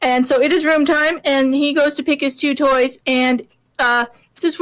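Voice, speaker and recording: A woman's voice: sits high, steady tone, moderate pace, a bit bright. A woman in her thirties, a guest on a live stream, chatting casually and telling a story about her son. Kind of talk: casual chat.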